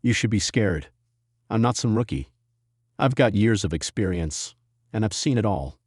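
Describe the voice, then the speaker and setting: A man voicing an arrogant, gruff veteran male wrestler who lectures with a condescending tone. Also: on the low side, lively intonation, moderate pace, darkish tone, no room sound, clean studio sound.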